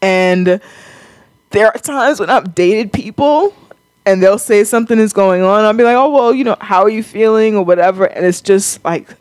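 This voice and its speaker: A woman's voice: mid-range voice, normal speed, a little mellow, no room sound. A woman hosting a podcast, talking candidly and emotionally, swearing freely. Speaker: podcast host. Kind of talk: candid casual podcast chat.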